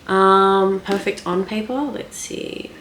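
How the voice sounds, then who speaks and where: A woman's voice: mid-range voice, steady tone, takes it slowly, noisy background. A young woman talking casually through writing tips, thinking aloud with lots of ums and likes. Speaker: writing vlogger. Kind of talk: casual screen-share talk.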